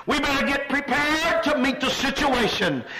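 A man preaching a fervent sermon, punctuating lines with amens and rising into shouts. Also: extremely high pitch, animated, moderate pace, crowd noise, rough recording. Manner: repetitive cadence of amens.

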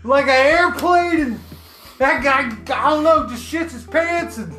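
A man's voice: very high voice, a little slow, echoey room, over music. A man co-hosting a podcast, telling stories in casual, profane chat and laughing often. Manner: animated, profane, laughing storyteller. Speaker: podcast co-host.

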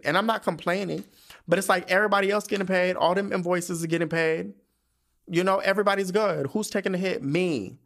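A man's voice: a little high, a bit bright. A man hosting a podcast, ranting casually with profanity and rhetorical questions. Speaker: podcast host. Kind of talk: casual venting monologue. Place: home studio.

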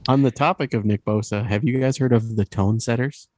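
A man's voice: medium pitch, fairly even intonation, brisk, a little mellow, no room sound, clean studio sound. A man co-hosting a sports podcast, chatty and jokey as he tells a story. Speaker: podcast co-host. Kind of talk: casual sports podcast talk.

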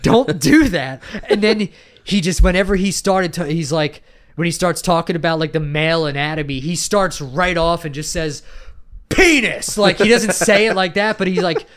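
A man's voice: on the high side, moderate pace. Rambling, swearing young man. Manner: rambling, swears a lot, many restarts and fillers. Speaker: podcast co-host. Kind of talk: casual chat.

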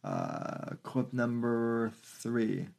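Slow, halting podcast host, a man. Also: mid-range voice, huge pitch swings, vocal fry, a little mellow. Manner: halting, full of fillers. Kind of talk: political commentary podcast.

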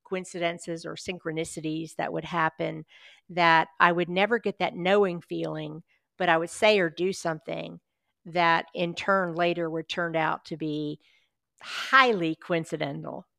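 Brief: low, gravelly woman, chatty storyteller, dry close sound. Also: steady tone, a little slow, fairly bright tone, no room sound. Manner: chatty, anecdotal storyteller who laughs along. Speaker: paranormal investigator guest. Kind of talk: casual storytelling interview.

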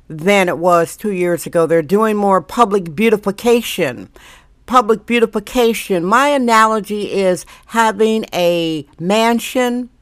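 A middle-aged woman hosting her own daily talk show, ranting bluntly with sarcastic asides. Her voice sits at an ordinary pitch for a woman. The recording is dry and close, with no room sound. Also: a bit bright, clean tone, no room sound. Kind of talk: casual opinionated monologue.

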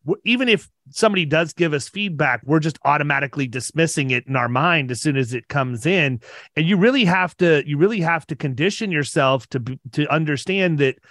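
A fairly high-pitched man of around fifty spins casual stories on a podcast. He talks with lots of energy, doubles back on his words and laughs easily, and his voice sounds dry and close with no room around it. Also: animated, a little fast, a bit bright, dry recording.

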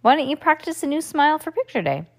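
A woman's voice: high-pitched, sing-song, fast talker, voice pushed up. A woman voicing a doting mother in a children's storybook reading, gushing and sweet. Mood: gentle.

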